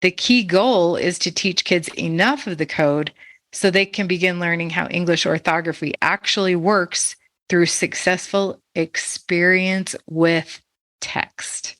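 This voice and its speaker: A woman's voice: lowish voice, a little slow, fairly bright tone, no room sound. A woman who is a literacy educator, talking in a casual podcast discussion in a thoughtful, questioning way with light laughs.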